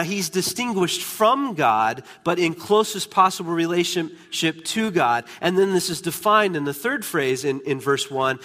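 A man preaching a sermon as pastor, emphatic, slowing down and dropping to a hush on key words. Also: a little high. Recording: long reverb of a large hall.

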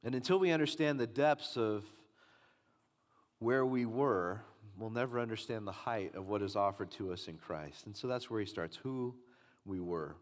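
A man's voice: fairly low pitch, a little fast, few pauses. A man preaching a sermon as pastor, emphatic and pressing his points with repetition. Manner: emphatic preaching, rising and pressing on key lines. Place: church sanctuary. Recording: long reverb of a large hall.

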